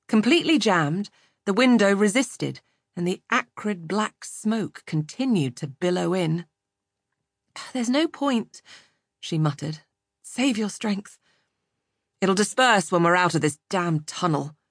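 In a dry, clean studio recording, a female audiobook narrator reads from a script at an even, measured pace. Her pitch is fairly low.

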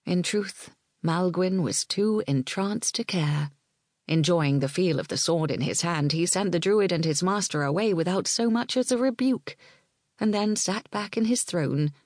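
A woman narrating an audiobook in a measured, expressive way that dips into whispers. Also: on the low side, no echo, clean studio sound.

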